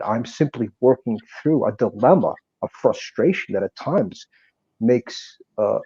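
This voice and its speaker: A man's voice: mid-range voice, mellow, slightly rough, no room sound. A man being interviewed as a guest actor, speaking in an intense, reflective and earnest way. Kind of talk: interview conversation. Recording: dry, dull lo-fi audio.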